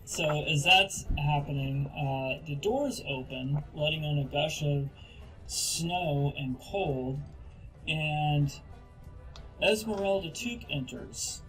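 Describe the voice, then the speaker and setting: Game master, man, halting narration, music bed. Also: a little high, fairly bright tone, poor audio. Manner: halting, full of fillers.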